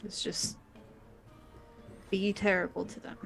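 A young Midwestern woman speaks slowly and haltingly, playing her character in a tabletop game. Soft music runs faintly underneath her voice. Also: mid-range voice, level tone, creaky. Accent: Midwestern American.

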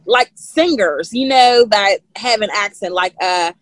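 A woman's voice: medium pitch, measured pace, dry recording. A woman with a Pittsburgh accent, chatting enthusiastically as a co-host. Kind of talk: casual interview chat.

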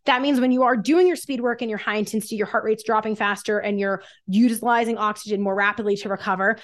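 A woman guest on a fitness podcast, energetically explaining exercise science with everyday analogies. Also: on the high side.

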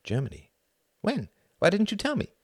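In a dry, studio-quality recording, a man voices an earnest, emotional young man who speaks eagerly. He pitches his voice high, above his natural register, with huge swings in pitch, a breathy edge, and normal speed, and the performance is heavily acted.

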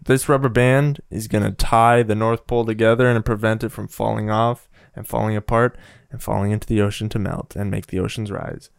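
A man co-hosting a casual comedy podcast, pitching an absurd made-up company with a straight face. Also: a little fast, gravelly, hardly any pauses, clean tone, no room sound, studio quality. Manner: deadpan mock sales pitch, playful. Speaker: podcast co-host.

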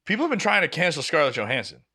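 Bright-voiced young man telling a story. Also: fairly high pitch, racing, slightly rough. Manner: animated storytelling, acts out quoted family members. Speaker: podcast co-host. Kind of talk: casual chat.

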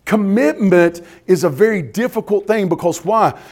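High-voiced man preaching emphatically. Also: animated, moderate pace, darkish tone. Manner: emphatic, repetitive, asks the congregation questions. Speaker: pastor. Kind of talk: sermon.

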